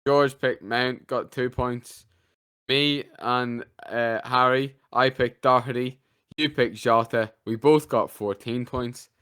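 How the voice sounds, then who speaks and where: A man from Ireland with a smooth, clear voice co-hosts a casual football podcast. He reports fantasy league scores in a halting way, doubling back on his words. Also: medium pitch, steady tone, a bit bright, dry recording, studio quality. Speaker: podcast co-host.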